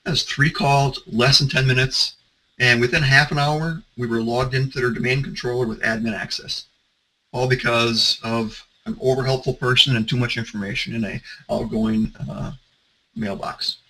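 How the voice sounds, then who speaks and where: Male consultant with a bright, sharp voice, talking through examples in a conversational style. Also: mid-range voice, steady tone, moderate pace, poor audio. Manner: conversational storytelling, some restarts. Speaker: security consultant. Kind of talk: presentation talk.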